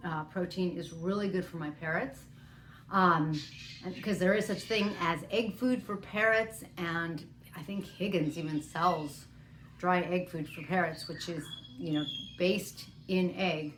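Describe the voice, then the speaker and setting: A woman's voice: fairly low pitch, fairly bright tone, a little hiss or hum. A woman talking casually to camera about parrot care, chatty and rambling, now and then cooing to her parrot. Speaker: parrot care author and vlogger. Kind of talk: casual vlog chat. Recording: roomy echoing room.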